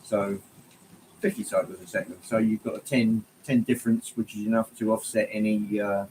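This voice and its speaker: A man's voice: fairly low pitch, steady tone, normal speed, darkish tone, a little hiss or hum, low-quality recording. A man hosting a casual livestream, greeting viewers by name and rambling along with plenty of ums. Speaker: livestream host. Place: home hobby room, indoors.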